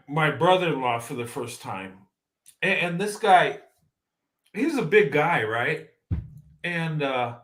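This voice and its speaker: A man, a guest, telling a story in a casual, animated way and laughing often. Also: a little high, roomy sound.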